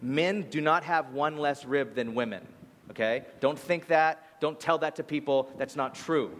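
Lively male pastor preaching in a hall. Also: fairly high pitch, measured pace. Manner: conversational, animated storytelling with asides. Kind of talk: sermon.

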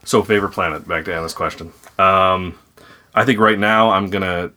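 A man's voice: deep voice, steady tone, normal speed, bright, forceful tone. A man in his thirties with an Upper Midwest accent, chatting casually and rambling as a podcast host with his kids. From North Dakota. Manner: chatty, rambling, laughs easily. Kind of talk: casual family chat.

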